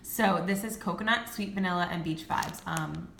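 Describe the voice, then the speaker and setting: A woman in her twenties gushing excitedly in a casual haul video, full of "like" and the odd swear word. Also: fairly low pitch, normal speed, creaky, echoey room, noisy background. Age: 20s. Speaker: vlogger.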